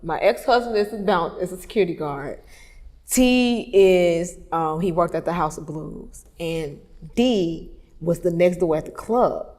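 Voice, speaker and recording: A woman, candidly telling a personal story, moving from hushed tones to loud animated retelling. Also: on the low side, measured pace. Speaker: photographer telling her story. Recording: long reverb, roomy hall sound.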